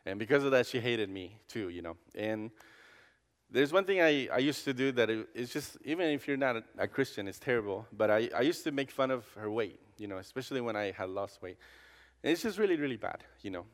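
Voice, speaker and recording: A man's voice: medium pitch, lively intonation, fairly quick. A campus pastor giving a conversational personal testimony sermon, restarting his sentences often and acting out the dialogue in his stories. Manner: conversational, with frequent restarts and fillers; acts out dialogue in storytelling. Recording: long hall reverb.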